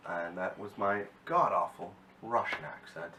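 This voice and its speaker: A man's voice: sits low, measured pace, fairly bright tone, distant mic. A man casually recapping a TV episode, rambling and often correcting himself. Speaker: TV episode reviewer. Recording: echoey room, mic set back, faint hiss.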